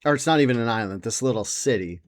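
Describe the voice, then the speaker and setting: A man's voice: medium pitch, lively intonation, fast. A young man hosting a podcast in casual chat, rambling and sarcastic, swearing and mimicking people in silly voices. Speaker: podcast host.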